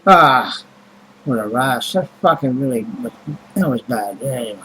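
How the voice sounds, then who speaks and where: A man's voice: medium pitch, lively intonation, a little slow, fairly bright tone, a little hiss or hum, rough recording. A man vlogging in a rambling, casual monologue, blunt and grumbling, with heavy swearing and many fillers.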